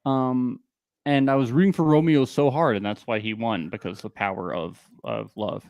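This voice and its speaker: A man co-hosts a casual recap podcast, offering firm opinions and quick asides. His voice is at a middle pitch, recorded dry and close to the mic. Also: fairly even intonation, darkish tone, no room sound. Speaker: podcast co-host.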